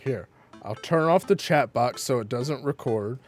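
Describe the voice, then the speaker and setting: A man's voice: mid-range voice, animated, unhurried, faint music behind. Joking man streaming a game. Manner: joking asides, reads game messages aloud. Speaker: streamer playing a dating game. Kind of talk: casual let's-play commentary.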